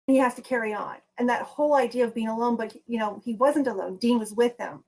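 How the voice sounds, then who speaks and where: A woman's voice: fairly high pitch, fast, vocal fry, darkish tone. A woman hosting a podcast, telling stories in a chatty way with many restarts. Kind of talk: casual podcast chat.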